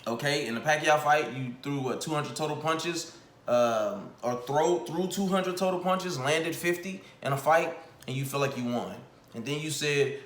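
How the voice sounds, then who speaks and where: A young adult man giving casual commentary in an animated, exasperated, mocking way. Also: a little high, normal speed. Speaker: commentary vlogger. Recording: echoey room.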